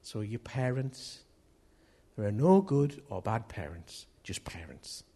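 A man's voice: lowish voice, very animated, slow, vocal fry, warm tone, slightly rough. A man preaching a sermon in an earnest manner, often repeating key phrases.

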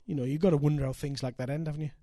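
Older preacher, emphatic and dry. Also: male voice, a little high, racing, no echo. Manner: animated, building to loud emphatic peaks. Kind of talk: sermon with storytelling.

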